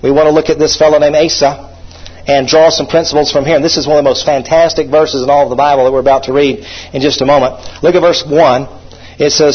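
Casting: male pastor delivering a sermon, emphatic, has the congregation repeat phrases, husky tone. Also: fairly high pitch, little pitch movement, fast talker. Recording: dull lo-fi recording.

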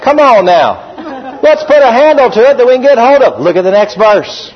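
A man preaching a lively sermon as pastor, calling out to his congregation. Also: very high-pitched, brisk. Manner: animated preaching, calls out to the congregation. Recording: dull lo-fi recording.

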